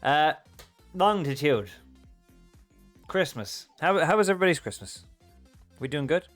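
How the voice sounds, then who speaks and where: A man's voice: a little high, animated, brisk, fairly bright tone, soft background music. Playful man chatting on a livestream. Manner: chatty and playful, reading chat aloud and joking. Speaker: livestream host. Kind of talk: casual chat with live viewers.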